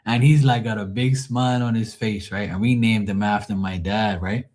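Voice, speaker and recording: A man's voice: fairly low pitch, steady tone, normal speed, darkish tone. A man hosting a live tarot stream, telling rambling family stories full of swearing and laughing asides. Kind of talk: casual storytelling livestream.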